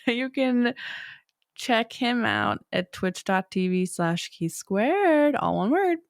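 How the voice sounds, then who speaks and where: A woman's voice: a little high, very animated, slow, no room sound, studio quality. A woman co-hosting a podcast in casual chat, joking and slipping into put-on accents. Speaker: podcast co-host.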